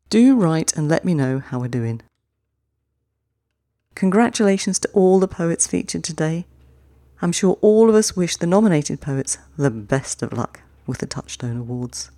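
A podcast host reading short poems slowly and deliberately, each one twice with long pauses, then closing the show in a chattier way. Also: medium pitch, warm tone, no echo. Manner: chatty, quicker sign-off. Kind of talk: slow, measured poetry reading.

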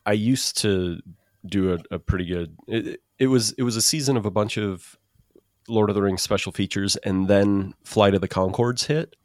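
A man's voice: fairly low pitch, moderate pace, a little mellow, no echo, clean studio sound. A man co-hosting a podcast in casual chat, with many restarts and fillers. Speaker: podcast co-host.

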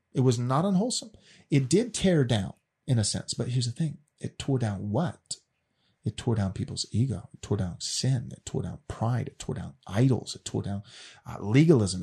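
A man's voice: mid-range voice, darkish tone, husky. A man casually explaining a faith question as a teacher, earnest and often repeating words as he restarts.

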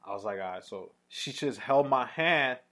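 Man, 30s, New York accent, podcast co-host, lively pitch, profane storyteller. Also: normal speed. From New York, Washington Heights. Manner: animated, profane, acts out voices in his stories. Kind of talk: casual storytelling chat.

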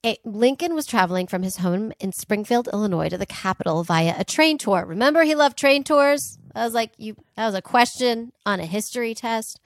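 A woman's voice: fairly high pitch, expressive, a little fast, hardly any pauses, dry recording. A woman co-hosting a podcast, telling a history story in a casual, joking way with fillers and asides. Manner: chatty, jokey, fillers and asides. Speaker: podcast co-host.

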